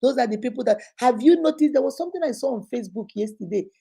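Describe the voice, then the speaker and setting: A Nigerian woman hosting a casual vlog, telling lively stories and acting out other people's voices. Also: on the high side, fast talker, vocal fry, breathy edge. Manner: lively storytelling, acts out other voices, exclaims. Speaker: online influencer host.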